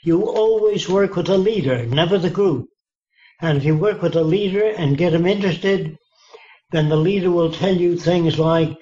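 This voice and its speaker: A man's voice: high-pitched, normal speed, dark tone. Blunt old man on a dull line. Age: 90s. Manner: blunt, emphatic, repeatedly checks understanding. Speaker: interviewee, futurist. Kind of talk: conversational interview. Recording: dull lo-fi sound.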